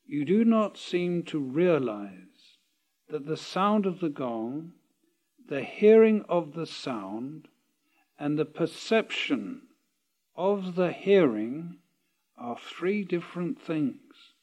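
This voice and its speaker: A man reading aloud the lines of a calm old male spiritual teacher, asking measured, probing questions at a slow pace. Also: on the high side, full character voice. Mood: explaining.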